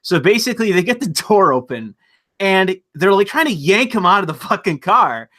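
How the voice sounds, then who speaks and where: A man with a bright, forceful and fairly high voice talks in a loose, casual way, swearing freely. He gets animated as he tells stories and jumps into high-pitched impressions of other people. Now and then his voice drops low. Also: normal speed. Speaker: streamer host. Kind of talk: casual chat.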